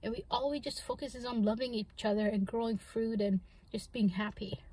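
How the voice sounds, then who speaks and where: Woman, eating-show vlogger, breathy and a bit high, chatty and meandering, mouth full of food. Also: steady tone, a little fast, mellow, no room sound, rough recording. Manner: talks with her mouth full; musing, rambling with many fillers. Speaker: mukbang vlogger. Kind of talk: casual chat while eating.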